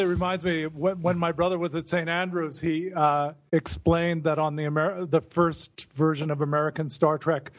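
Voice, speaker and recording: A man interviewing a guest, asking long curious questions in a relaxed conversation. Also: fairly high pitch. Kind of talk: casual conversation.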